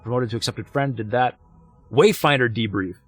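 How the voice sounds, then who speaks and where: A man's voice: mid-range voice, normal speed, faint music behind. A man chatting casually while he plays a space game live, joking and cheering his small wins. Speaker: streamer. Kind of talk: live gameplay commentary.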